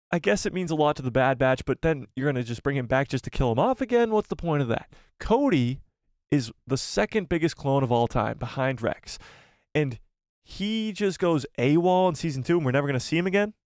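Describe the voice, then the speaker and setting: A man hosting a casual live stream, excitably reading viewer comments aloud and swearing casually. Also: medium pitch, a little fast, no room sound, studio quality.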